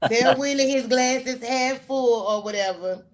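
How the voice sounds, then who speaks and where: A woman's voice: high-pitched, a little slow. A woman comedian on a video call, handing out joke awards with teasing, giggly, bawdy banter. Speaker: comedian panelist.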